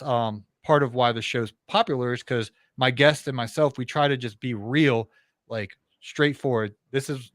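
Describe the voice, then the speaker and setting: A man's voice: mid-range voice, fairly bright tone, dry recording. Earnest talkative man, dry close sound. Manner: earnest, talkative, many restarts. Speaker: podcast host, interview guest. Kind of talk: casual interview chat.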